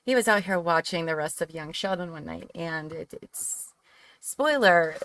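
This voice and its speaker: A woman hosting a relaxed livestream chat, talkative and giggly, gushing about her favorite shows. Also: on the low side, moderate pace. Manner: chatty and giggly, gushes over favorite shows. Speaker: livestream host. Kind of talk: casual chat.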